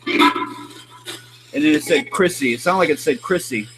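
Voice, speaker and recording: Guy on a live ghost stream, coaxing the spirits, asks stuff again and again, slightly high voice, loud noise behind. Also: a little slow. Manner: coaxing, repeats questions to spirits. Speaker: paranormal stream host. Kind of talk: live spirit-box session.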